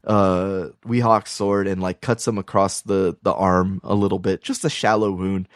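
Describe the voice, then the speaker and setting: A man's voice: sits low, level tone, moderate pace, no room sound, clean studio sound. A man co-hosting a casual film podcast, recapping the plot in a rambling way full of "like" fillers. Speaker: podcast co-host.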